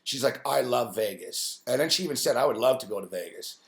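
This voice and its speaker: A man's voice: medium pitch, racing, reverberant. Profane rambling man on a live stream. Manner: profane, rambling, animated anecdote telling. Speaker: host. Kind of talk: casual storytelling on a live stream.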